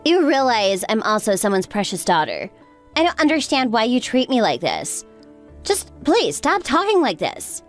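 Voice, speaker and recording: A woman's voice: fairly high pitch, huge pitch swings, moderate pace. A woman playing a worn-down young wife who talks in an anxious, pleading way. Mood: hurt. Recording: faint background music.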